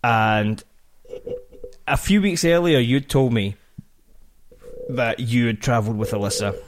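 Chatty man, halting delivery. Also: medium pitch, a little hiss or hum. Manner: halting, full of restarts and fillers. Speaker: podcast co-host. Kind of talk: casual chat.

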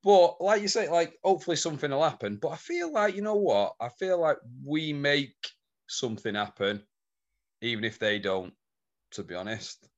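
A man's voice: on the high side, expressive, normal speed, lo-fi sound. Man, podcast co-host, blunt, sweary, casual banter.

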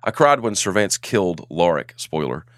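A man's voice: deep voice, big pitch swings, normal speed, no room sound, clean studio sound. A man hosting a tabletop game podcast as game master, joking and rambling while medicated for allergies. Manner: jokey, rambling, laughs a lot. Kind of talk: casual podcast chat and game recap.

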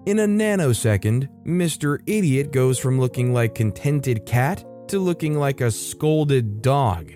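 A man's voice: mid-range voice, lively intonation, measured pace, few pauses, dark tone. Male story narrator over faint guitar. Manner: wry, conversational commentary between stories. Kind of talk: reading online stories aloud.

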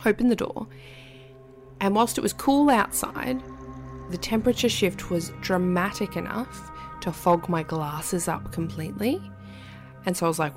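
A woman, a podcast guest telling a story in a casual, animated way and dropping to a whisper at the creepy parts. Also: mid-range voice, normal speed, gravelly, faint music behind.

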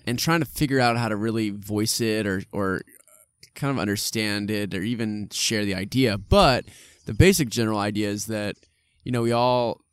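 A man speaking as a podcast guest, relaxed and reflective, often searching for words, recorded outdoors in a park. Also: fairly low pitch, normal speed, clean tone, dry recording. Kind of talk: casual podcast chat. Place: outdoors in a park under a tree.

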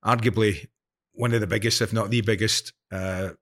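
A man's voice: on the low side, steady tone, moderate pace, a bit bright. Teasing male podcast co-host. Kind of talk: casual chat.

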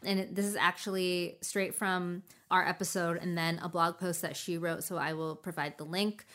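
A woman's voice: fairly low pitch, fairly bright tone, clear, resonant tone. A young woman hosting a casual beauty podcast, giggly and tripping over long words. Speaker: podcast host.

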